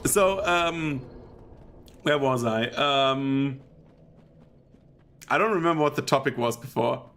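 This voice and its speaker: A man's voice: mid-range voice, slow pace, long pauses. A young man with a German accent, rambling casually and laughing while commenting on his gameplay. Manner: rambling, laughs often, excitable bursts. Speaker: gaming streamer.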